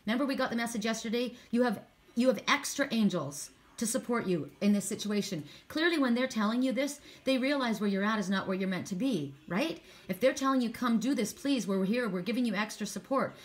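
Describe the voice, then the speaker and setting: A woman's voice: fairly high pitch, brisk. A woman doing a spiritual card reading for viewers, talking in a rambling, encouraging way with frequent restarts. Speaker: tarot and oracle card reader.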